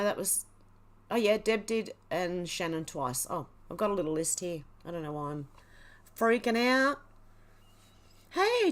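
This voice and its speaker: A woman, hosting a casual livestream, reading headlines and viewer comments in a chatty, exclaiming way and laughing often. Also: medium pitch. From Australia. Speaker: livestream host.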